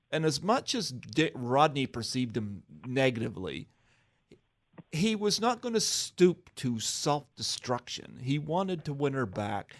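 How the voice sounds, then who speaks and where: A man hosting a podcast interview, chatting enthusiastically about a movie. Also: medium pitch. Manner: enthusiastic, acts out movie quotes. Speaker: podcast host. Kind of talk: casual interview chat.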